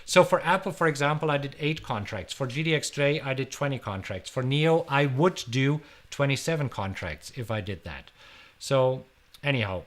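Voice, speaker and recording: A German man in middle age hosts a live stream, fielding viewer questions with an energetic, chatty delivery full of repeated words. He speaks with a German accent in a mid-range voice at a moderate pace.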